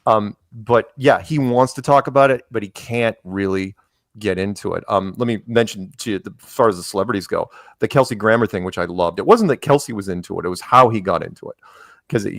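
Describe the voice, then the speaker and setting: A man's voice: on the low side, fairly quick, vocal fry, no room sound, studio quality. A man chatting as a podcast guest, telling rambling stories and acting out quotes from others. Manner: rambling storyteller, acts out quotes. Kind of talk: casual interview chat.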